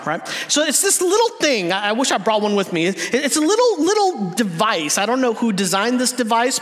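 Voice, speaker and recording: A man in his thirties preaching a sermon, a lively and humorous storyteller who speaks straight to the congregation. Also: very high voice. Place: church sanctuary. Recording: long reverb of a church hall.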